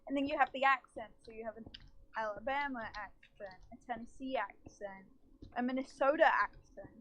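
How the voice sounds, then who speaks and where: A woman with an English accent, chatting casually and joking while playing a game. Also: fairly high pitch. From England. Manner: animated, quick to joke. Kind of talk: casual chat while gaming.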